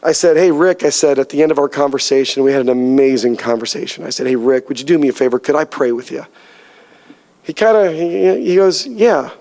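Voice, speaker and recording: A man's voice: fairly high pitch, brisk, gravelly, a little mellow, in a large hall. A man telling his faith story to a church group in an earnest, storytelling way, close to tears as he goes. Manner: earnest storytelling, voice rising and cracking with emotion. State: near tears. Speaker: church speaker sharing testimony. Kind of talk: testimony talk to a church group.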